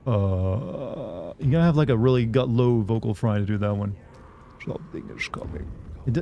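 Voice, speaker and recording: Mellow-voiced man chatting while streaming. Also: mid-range voice, a little hiss or hum. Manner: rambling, self-mocking, filler-heavy. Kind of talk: casual live game-stream chat.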